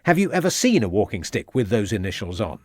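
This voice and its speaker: A man's voice: fairly low pitch, very animated, fast talker, darkish tone, slightly rough, no echo, studio quality. A man voicing a stern police inspector who questions firmly and with threats.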